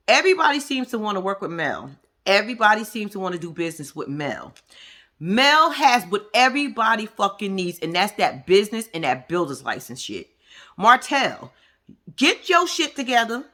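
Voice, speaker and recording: A woman's voice: a little high, sharp tone. A woman giving a blunt, profane reaction commentary on a reality show, talking straight to her viewers. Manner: addresses viewers directly.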